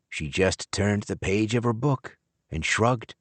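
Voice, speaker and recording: A man narrating an audiobook in the first person, in a measured, expressive storytelling manner. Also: fairly low pitch, no echo.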